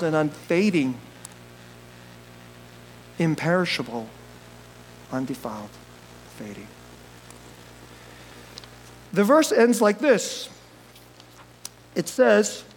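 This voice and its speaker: A male pastor delivers a sermon in a lively, joking style, laughing a lot and swinging between loud bursts and quiet asides. His voice is high, and the audio quality is poor.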